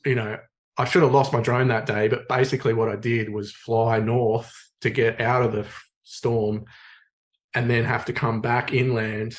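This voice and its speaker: An Australian man, a podcast guest, telling a story in a relaxed, rambling way with plenty of fillers. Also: mid-range voice, moderate pace. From Sydney, Australia. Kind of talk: casual storytelling in conversation.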